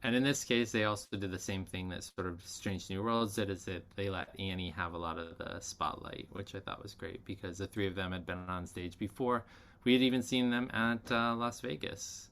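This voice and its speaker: A man's voice: sits low, steady tone, normal speed, fairly bright tone. A man co-hosting a podcast in casual chat, agreeable and easygoing, filling gaps with ums as he thinks. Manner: agreeable, many fillers and restarts. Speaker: podcast co-host.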